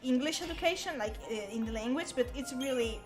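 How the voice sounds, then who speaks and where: High-voiced Spanish woman with music behind. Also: a little fast, rough recording. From Spain. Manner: hesitant, many fillers and restarts. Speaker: stream co-host. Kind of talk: casual chat on a game stream.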